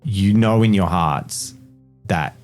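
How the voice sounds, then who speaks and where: Deep-voiced man narrating a tabletop game. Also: darkish tone, soft background music. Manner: slow, dramatic narration with stumbles and laughs. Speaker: game master.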